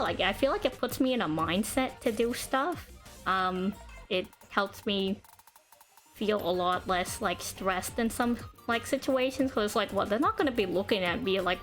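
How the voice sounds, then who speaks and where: Woman, streamer, casual rambling chat, chosen put-on voice, playful high jumps, mid-range pitch, faint music behind. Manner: rambling and chatty, full of "like" and "um" fillers; uses a deliberately chosen put-on speaking voice. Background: faint background music.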